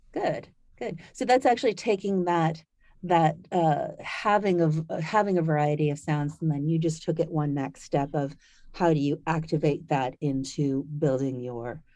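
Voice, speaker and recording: A woman with a mellow, lowish voice coaches voice actors over a video call. She speaks encouragingly and restarts her phrases as she works out her thoughts. Her sound is dry and close. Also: no room sound. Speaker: host of a voice acting training class. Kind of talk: casual coaching talk.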